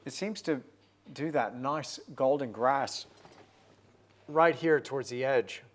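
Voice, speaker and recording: A man's voice: mid-range voice, takes it slowly. A man in his forties hosting a livestream, painting while chatting upbeat and answering viewer comments.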